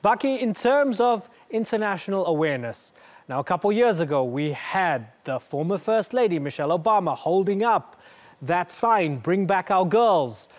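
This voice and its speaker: Measured male news host. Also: high-pitched, animated. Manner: measured, formal questioning. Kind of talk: studio interview.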